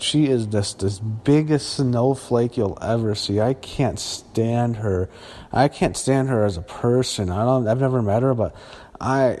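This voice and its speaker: A man with a somewhat low voice rants through a wrestling show review. His delivery is heated and profane, breaking off into restarts and muttered asides. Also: darkish tone. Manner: angry, profane ranting with frequent restarts.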